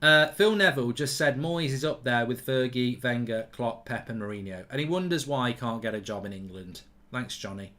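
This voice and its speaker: A middle-aged man hosting a live football watchalong, giving jokey, animated commentary. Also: mid-range voice. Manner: animated, jokey, quick asides. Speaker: host.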